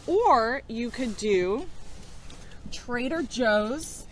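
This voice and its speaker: A chatty woman with a fairly high voice talks through a casual product review. She is frank and laughs often. A faint hiss of noise sits behind her. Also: animated, drawn-out words. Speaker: co-host.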